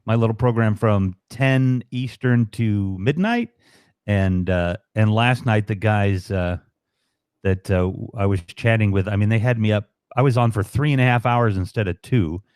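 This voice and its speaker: A man's voice: lowish voice, a little slow, a little mellow, smooth, dry recording, clean studio sound. A man guest on a livestream, rambling and joking with lots of fillers. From United States. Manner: rambling, jokey, many fillers. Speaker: livestream guest, fellow broadcaster. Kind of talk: casual chat.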